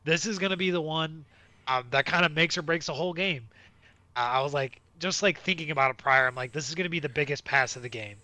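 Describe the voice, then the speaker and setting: A man's voice: fairly high pitch, quick pace, bright, forceful tone. A man co-hosting a casual sports podcast, rambling with lots of fillers and restarts. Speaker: podcast co-host.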